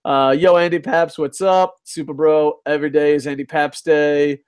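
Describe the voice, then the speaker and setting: A man's voice: on the high side, level tone, normal speed, smooth. A man hosting a casual live stream, reading chat, swearing and ranting, laughing often. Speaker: host.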